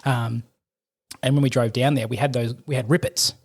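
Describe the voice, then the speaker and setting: A man's voice: mid-range voice, fairly even intonation, a little mellow, breathy edge. A middle-aged Australian man, a podcast guest, telling rambling war anecdotes in casual chat. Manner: rapid, rambling anecdotes with laughter. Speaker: podcast guest, army veteran and firefighter.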